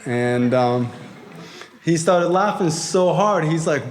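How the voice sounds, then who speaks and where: A man with a high-pitched voice tells his recovery story to a convention crowd. He talks in a raw, blunt way, swears freely, and pushes some lines up to a shout. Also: expressive, slow pace. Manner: raw, profane, emphatic storytelling with shouted peaks. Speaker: recovery speaker. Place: convention hall before an audience.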